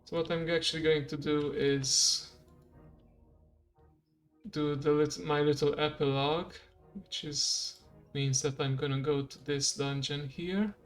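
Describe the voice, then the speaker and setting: A game streamer giving relaxed, rambling commentary while playing and chatting with viewers. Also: mid-range voice, a little slow, soft background music. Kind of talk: casual gameplay commentary.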